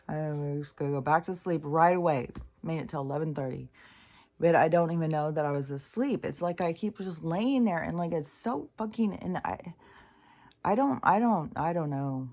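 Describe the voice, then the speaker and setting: Late at night by the couch in her living room, a woman vlogger talks to the camera in a low, darkish voice at normal speed. She rambles restlessly, swears freely, laughs at herself, and now and then drops to a whisper.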